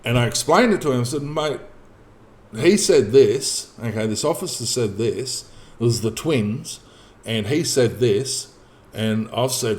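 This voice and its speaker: A man in casual spoken storytelling, profane and animated, acting out the dialogue as he tells it. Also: medium pitch, unhurried. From Australia. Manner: profane, animated, acts out dialogue in his telling. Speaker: podcast guest telling a personal story.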